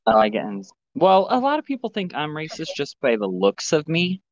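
A man's voice: a little high, huge pitch swings, brisk, no echo. Man, casual storyteller, dry and slightly dull recording. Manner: rambling storytelling. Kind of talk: casual chat.

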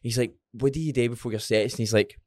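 A young Scottish man talking casually on a podcast, all swearing and fired-up energy. His voice sits at a middle pitch. It comes across close and dry, with no room around it. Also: fast talker, dry recording. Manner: sweary, animated, pumps himself up. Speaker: podcast co-host. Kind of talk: casual chat.

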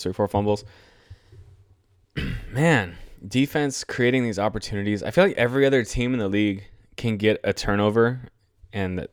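Young guy venting about his team, swears a lot, low smooth voice, dry mic. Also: no echo. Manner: profane, exasperated, rambling. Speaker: podcast host. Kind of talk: solo sports rant podcast.

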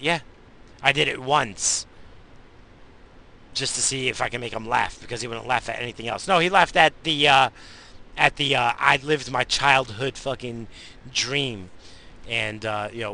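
A man rambling in a profane, easily distracted casual monologue while high. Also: sharp tone.

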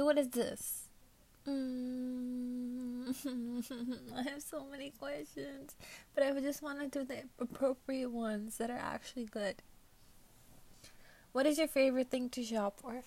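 Woman podcast host, loose and foul-mouthed, swings from shouting to whispering. Slightly high voice, unhurried delivery. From United States. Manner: profane and giggly, swinging between loud outbursts and muttered whispers. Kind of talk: casual solo chat answering questions.

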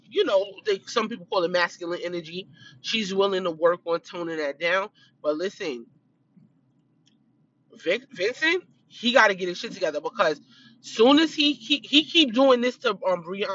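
A woman chatting casually as she recaps a show, telling the story in a gossipy way and clearing her throat from allergies. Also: on the low side, a bit bright, lo-fi sound. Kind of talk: casual chat.

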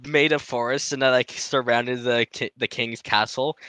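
A young man in casual chat, excitable and tripping over his words when eager. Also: mid-range voice, normal speed, clear, resonant tone, dry recording.

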